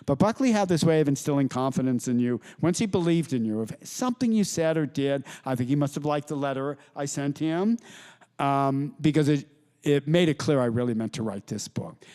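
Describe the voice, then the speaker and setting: A middle-aged man, an author, telling anecdotes to a live audience, with halting restarts and quoted voices. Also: fairly high pitch, expressive, warm tone. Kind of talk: storytelling talk to an audience. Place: lecture hall with audience.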